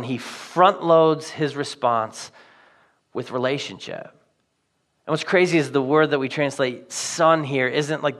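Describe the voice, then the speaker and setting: A man's voice: medium pitch, a bit bright. A man preaching a sermon to his congregation, in a conversational, earnest way with casual fillers. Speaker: pastor.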